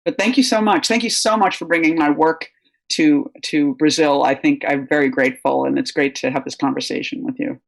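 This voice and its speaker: Older american woman, low gravelly voice, rambling chatty stories with lots of ums. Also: fairly even intonation, a little fast. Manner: anecdotal, rambling, many fillers. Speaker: guest writer. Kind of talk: conversational interview answers.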